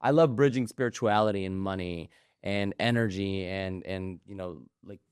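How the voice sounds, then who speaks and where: A man's voice: low voice, normal speed, darkish tone, smooth, no echo, studio quality. A man hosting a podcast, chatting casually and easily with a guest and affirming often. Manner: easygoing, affirming with frequent yeahs. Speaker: podcast host. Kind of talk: casual interview chat.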